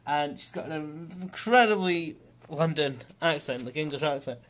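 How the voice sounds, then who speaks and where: A vlogger with a Scottish accent talks casually in a diary vlog, his voice on the high side, a bit bright, at a moderate pace. He rambles with lots of fillers and swearing, mocking himself with chuckles.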